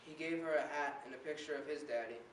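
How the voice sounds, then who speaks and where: Speaking at a quick pace in a slightly high voice, a teenage slam poet delivers his spoken word poem earnestly and rhythmically. The performance happens in an indoor room, recorded roomy through a distant mic with a faint hiss.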